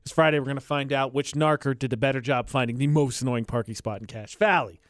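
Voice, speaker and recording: A man's voice: fast talker, no room sound. Dry self-mocking man co-hosting radio. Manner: dry, self-mocking, low-key delivery. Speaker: radio show co-host. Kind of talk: casual morning show banter.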